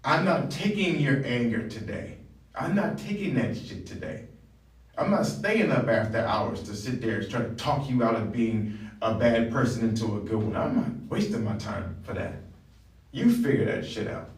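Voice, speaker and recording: A man's voice: medium pitch, very animated, normal speed, far from the mic. A man giving a blunt, profane motivational talk as a wellness coach. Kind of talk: motivational monologue. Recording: roomy, from off the mic.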